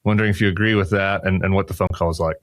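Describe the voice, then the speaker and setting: A man hosting a TV news interview, asking brisk, friendly questions. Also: low voice, steady tone. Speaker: TV news host.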